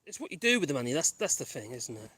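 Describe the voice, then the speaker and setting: A man's voice: mid-range voice, very animated, fast, pushed and bright, slightly rough, dry recording. A man chatting casually on a countryside walk with his dogs, rambling and wry and easily sidetracked, recorded outdoors on a small phone mic. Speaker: vlogger. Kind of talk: casual chat while walking dogs.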